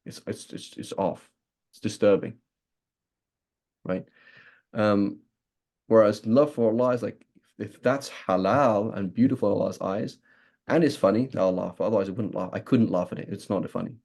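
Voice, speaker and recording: A man's voice: lowish voice, normal speed, creaky, long pauses, darkish tone. A man with a British accent giving a conversational religious lesson, often asking "right?" and acting out what people might say. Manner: keeps asking "right?", acts out imagined speakers. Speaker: religious teacher.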